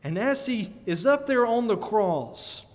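A man preaching a sermon, animated and often breaking into laughter between emphatic peaks. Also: sits high, a little slow. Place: church sanctuary. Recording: long church reverb.

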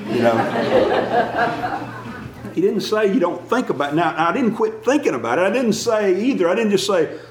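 A man's voice: on the high side, sing-song, measured pace, long pauses, reverberant, slight background noise, poor audio. A man preaching a conversational sermon as a church elder, folksy and self-deprecating, chuckling often.

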